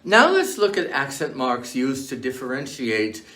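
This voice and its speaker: A man reading a scripted language lesson in a measured, clear way, slowing down to lay out example words. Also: medium pitch, sing-song, fairly bright tone. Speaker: language teacher.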